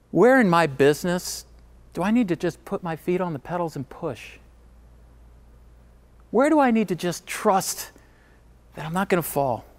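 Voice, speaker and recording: A middle-aged man giving a motivational keynote, telling a story emphatically and dropping to a hush at times. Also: fairly high pitch. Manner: emphatic, swings from driving to hushed.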